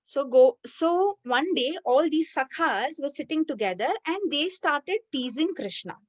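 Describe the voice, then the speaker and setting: A woman narrates a devotional story in a chatty, lively manner. Her voice sits a bit high and the sound is dry and close-miked. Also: a little slow, no echo. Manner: conversational, lively retelling with fillers.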